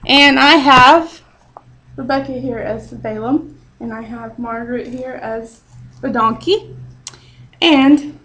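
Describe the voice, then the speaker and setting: A woman's voice: sits high, slow, pauses often, bright, forceful tone, a little hiss or hum, poor audio. A woman teaching a Bible story to a group in a chatty, casual way, full of fillers and "he's like".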